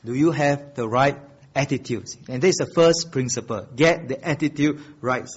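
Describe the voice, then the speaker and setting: A man preaching a sermon with emphatic delivery, swinging between loud and soft and repeating key phrases while asking the congregation questions. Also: normal speed, slightly rough, lo-fi sound. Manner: emphatic preaching with wide swings in pitch and loudness. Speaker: pastor.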